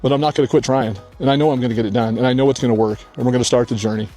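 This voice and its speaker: An older man talks straight to his viewers, tearful yet steady, his voice mellow and soft-edged. He sounds earnest and heartfelt, with faint music playing under him. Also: medium pitch, racing. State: crying. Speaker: channel host. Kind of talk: emotional personal vlog. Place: outdoors on a hillside rock.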